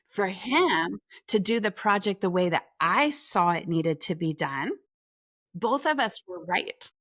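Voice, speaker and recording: A woman guest on an interview show, telling a personal story in a lively way and acting out the dialogue. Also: mid-range voice, measured pace, dry recording, studio quality. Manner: talks through restarts and filler phrases. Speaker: podcast guest, leadership coach.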